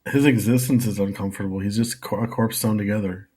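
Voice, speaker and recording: A man's voice: on the low side, fairly even intonation, fast talker, darkish tone, breathy edge. A man co-hosting a podcast in casual chat, laid-back and dropping wry one-liners. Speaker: podcast co-host.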